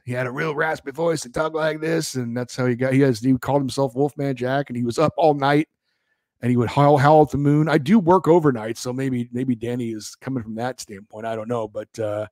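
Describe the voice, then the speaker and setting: A man hosting a hockey podcast, reading listener emails and answering in a relaxed, rambling way with frequent ums and restarts. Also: medium pitch, no echo, clean studio sound. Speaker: podcast host.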